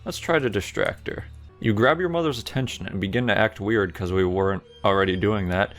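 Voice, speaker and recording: A man with a fairly low voice reads out a text adventure game and wryly comments on it. His delivery is sardonic and deadpan, with faint music underneath. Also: a little fast. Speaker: gaming streamer.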